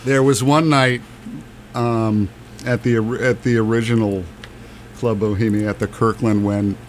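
A man's voice: lowish voice, a little hiss or hum. A man who has long played in a band, chatting casually and telling playful stories. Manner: playful storyteller, jokes around. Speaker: longtime band member. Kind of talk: casual chat.

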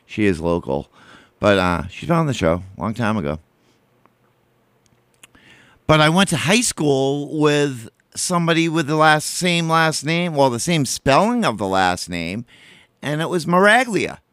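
A man's voice: mid-range voice, expressive, measured pace, fairly bright tone, clear, resonant tone, no room sound. A man hosting a college radio show, chatting casually and rambling between songs, correcting himself and humming filler beats. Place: radio studio.

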